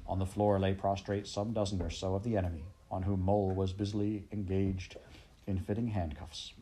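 Male audiobook narrator; low-pitched, measured, expressive reading.

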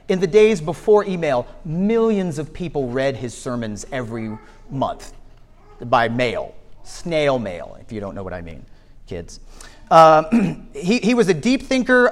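High, lively-voiced male pastor. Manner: animated storytelling with joking asides to the congregation. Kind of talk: sermon storytelling.

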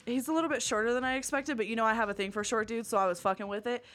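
A young adult woman hosting a podcast, telling a story in casual, profane, animated chat that often runs fast. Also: a little high, soft background music. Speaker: podcast host.

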